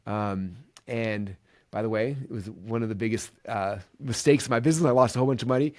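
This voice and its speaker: Man, podcast host, quick delivery, casual storytelling, enthusiastic, lots of fillers. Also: on the low side. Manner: energetic, enthusiastic, many fillers like "like" and "right".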